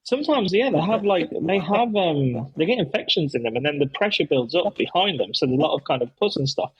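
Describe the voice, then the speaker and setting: A man's voice: a little high, animated, fairly quick, slightly rough, dull audio. A man hosting a casual podcast, telling stories with enthusiasm and lots of restarts. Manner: rambling, enthusiastic, many restarts. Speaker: podcast host, dad.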